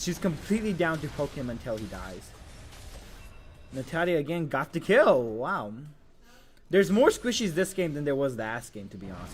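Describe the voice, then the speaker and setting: A man's voice: medium pitch, a little hiss or hum. A man streaming live commentary on a mobile game match, hyped and crudely joking, full of exclamations.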